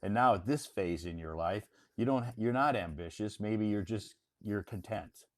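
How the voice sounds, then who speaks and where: Low-voiced guy teaching english, patient, keeps rephrasing what the student says. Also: moderate pace. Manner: patient, corrects and rephrases the learner's words. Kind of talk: casual conversation lesson.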